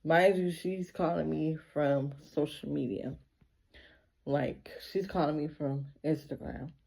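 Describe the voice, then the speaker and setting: Woman, storytime vlog, casual emotional retelling, vocal fry, mellow tone. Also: low-pitched, steady tone, slow pace. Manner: casual, emotional retelling full of repeated 'like'. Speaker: vlogger.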